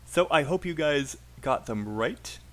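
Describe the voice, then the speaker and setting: A man's voice: fairly high pitch, animated, a little slow. A man with a British accent teaching a live online IELTS class, patiently drilling sentences aloud and encouraging students.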